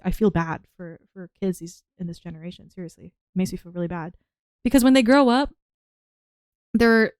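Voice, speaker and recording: A young woman, a part-time teacher, rants in a rambling, animated way, with her voice worn from shouting. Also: mid-range voice, clean tone, no room sound, studio quality. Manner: rambling, animated storytelling with acted-out quotes. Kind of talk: casual ranting vlog.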